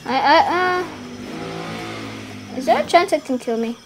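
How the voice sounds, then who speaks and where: A woman giving casual gameplay commentary, giggling and rambling, trailing off mid-sentence and bursting into excited shouts. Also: high voice, unhurried, a little hiss or hum. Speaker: gaming YouTuber.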